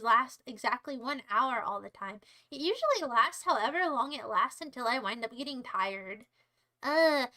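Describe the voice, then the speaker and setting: A woman's voice: high-pitched, pushed and bright, rough recording. A young American woman streaming live, chatting with her viewers in a playful, teasing, rambling way. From United States. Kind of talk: casual livestream chat to viewers.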